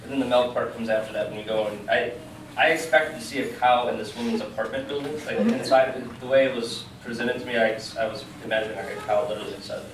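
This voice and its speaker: A man's voice: medium pitch, steady tone, fast. A man, the author, giving a live reading of his memoir with chatty asides, ums and laughs. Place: bookstore. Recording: echoey room, distant mic, background noise.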